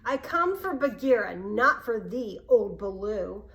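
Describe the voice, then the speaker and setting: A woman's voice: medium pitch, sing-song, measured pace, fairly bright tone, slight background noise. A woman voicing a sulky, boastful young jungle boy in a storybook read-aloud. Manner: sulky, showing off.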